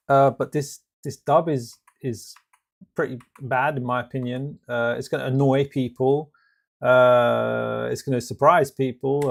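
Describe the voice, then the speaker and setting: A man with a mid-range voice and some vocal fry hosts a live stream, reacting casually to a game trailer. He rambles and rants, restarting sentences often and filling gaps with fillers.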